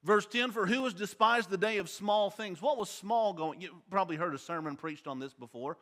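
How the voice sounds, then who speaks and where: Bright-voiced man teaching a Bible class. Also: high voice, normal speed. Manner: quizzes the class with questions. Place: church auditorium. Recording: long hall reverb.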